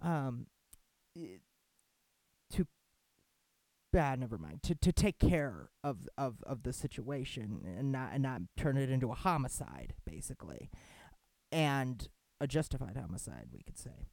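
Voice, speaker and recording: A man talking in casual commentary, halting with many restarts and self-corrections, then animated and sarcastic when he acts out what others said. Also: mid-range voice, gravelly, dry recording.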